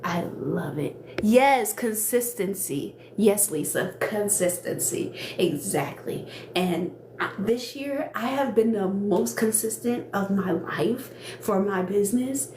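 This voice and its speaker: A woman's voice: mid-range voice, expressive, takes it slowly, a little mellow. A young woman chats casually and earnestly on a phone live stream, laughing often and circling back over her words. She is emotional, close to tears. Her voice rings in an echoey room with a faint hiss of noise behind it. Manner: chatty and earnest, laughs often, repeats herself. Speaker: small cosmetics business owner hosting a live stream. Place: indoor room, makeup workspace.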